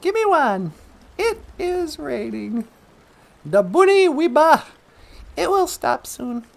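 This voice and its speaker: A woman's voice: sits high, very animated, slow, gravelly. A woman hosting a comedic talk show, easygoing and playful, taking her time. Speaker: host.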